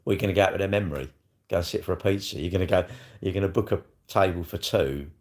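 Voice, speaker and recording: A middle-aged man with a South East London accent talks on a live stream in a very deep voice with a gravelly edge. He rambles along bluntly, swearing freely as he chats. The talk is casual and unscripted. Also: fast talker.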